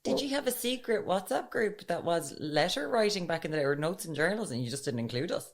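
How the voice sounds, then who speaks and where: Woman, Irish accent, 30s, low voice, wry, joking, podcast co-host. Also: animated, a little fast. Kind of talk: casual chat.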